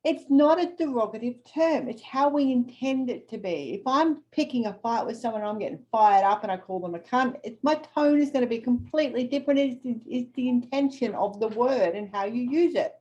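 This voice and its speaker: A woman's voice: fairly high pitch, lively intonation, fairly quick, few pauses, a little mellow, highs cut off. A middle-aged Australian woman co-hosting a podcast, chatting bluntly and swearing freely. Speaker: podcast co-host. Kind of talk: casual chat.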